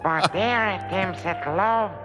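A man's voice: high-pitched, takes it slowly. A man impersonating a creepy, whiny crooner on an old comic novelty record. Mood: creepy crooning. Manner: sung with breathy menace, stammering. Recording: old record with band music.

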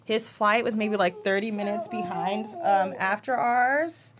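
A young woman chatting on a podcast about family life, open and a bit rambling. Her voice sits at a medium pitch, and she talks from the heart about her kids. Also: measured pace, crowd noise. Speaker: podcast co-host. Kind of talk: casual chat.

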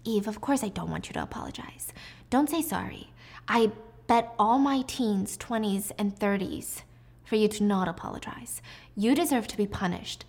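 A woman reading the lines of a calm, cold-blooded female teacher near forty, sounding composed and cutting. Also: mid-range voice, unhurried. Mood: cool.

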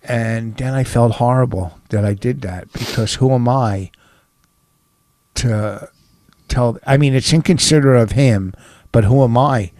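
A man's voice: medium pitch, a little slow, darkish tone, no echo. Rambling middle-aged man telling a story. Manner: rambling storyteller with many restarts and fillers. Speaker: podcast co-host telling a story. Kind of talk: casual chat.

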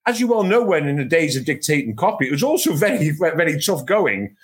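Middle-aged English man, sports-writer podcast panelist, lively storyteller with pitch swinging high and low, slightly raised voice. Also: fast. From England. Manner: animated storytelling, acts out his own exasperation. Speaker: football journalist, podcast panelist. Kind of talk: casual anecdote on a podcast.

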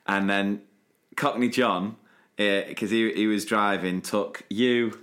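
A man with a fairly low voice, chatting casually on a podcast. He recalls a night out in an easygoing way and hands the story over to his co-host. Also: fairly even intonation, slow pace, fairly bright tone. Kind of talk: casual chat.

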